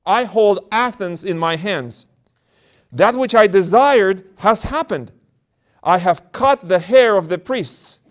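Demon possessing a girl: high, loud, drawn-out and gloating, as a preacher puts it on. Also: expressive. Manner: slow, loud, gloating declarations. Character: boastful demon possessing a young girl, spiteful and proud.

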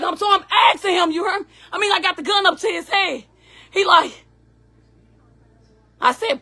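A woman tells an emotional personal story in a high, bright, sharp voice. She talks emphatically and keeps checking in with her listener, asking "you hear me?" again and again. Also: animated, measured pace, creaky, pauses often. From Southern United States.

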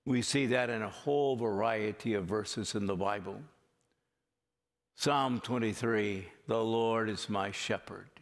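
Slow, earnest man preaching in a reverberant hall. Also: on the low side. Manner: slow, earnest preaching with drawn-out emphatic phrases. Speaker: pastor. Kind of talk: sermon. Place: church sanctuary.

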